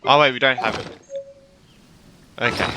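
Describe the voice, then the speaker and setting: A man streaming a game in casual chat, out of breath, reacting excitably and swearing. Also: medium pitch, moderate pace, noisy background. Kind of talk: casual live-stream chat while gaming.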